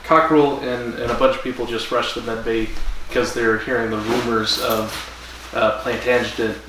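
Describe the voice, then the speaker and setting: A man's voice: medium pitch, little pitch movement, moderate pace. A man co-hosting a casual podcast, loosely retelling a story with fillers and restarts. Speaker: podcast co-host. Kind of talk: casual chat recapping an episode. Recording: roomy, distant, faint noise.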